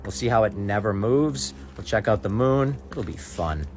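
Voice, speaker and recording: A man's voice: lowish voice, lively intonation, moderate pace, soft background music. A man ranting straight to camera, indignant and sarcastic, daring his viewers to prove him wrong. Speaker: content creator. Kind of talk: ranting direct-to-camera monologue.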